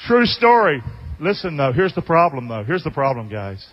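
High-voiced pastor preaching in a hall. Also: male voice, normal speed, dull audio, slight background noise. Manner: animated storytelling, swinging from loud to hushed. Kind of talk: sermon. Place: church sanctuary. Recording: long hall reverb.

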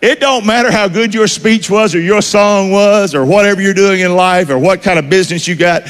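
A man's voice: sits high, fairly quick, big-room sound. A man preaching a sermon in a call-and-response style, firing questions for the congregation to answer. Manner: call-and-response preaching, asks the crowd to finish lines.

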